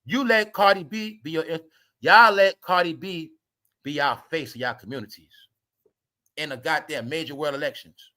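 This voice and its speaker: A man's voice: on the high side, moderate pace, bright, forceful tone. A man ranting to his viewers in a blunt, preachy commentary monologue, swearing freely and repeating himself. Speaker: commentary vlogger.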